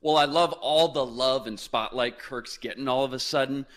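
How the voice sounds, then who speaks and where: A man's voice: medium pitch, steady tone, moderate pace, a bit bright. A man co-hosting a sports podcast, laying out his argument step by step. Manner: argues point by point, plays devil's advocate. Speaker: podcast co-host. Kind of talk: analytical sports talk.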